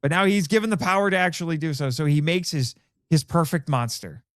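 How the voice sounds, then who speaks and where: Man, podcast host, casual film talk, animated, slightly high voice, dry sound. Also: a little fast, dry recording. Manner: animated, quotes characters with rising pitch.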